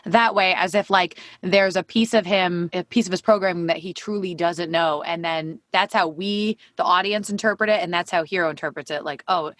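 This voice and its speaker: A woman co-hosting a casual podcast, enthusiastic and reactive, quick to laugh. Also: fairly low pitch, steady tone, fairly bright tone, no echo. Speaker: podcast co-host.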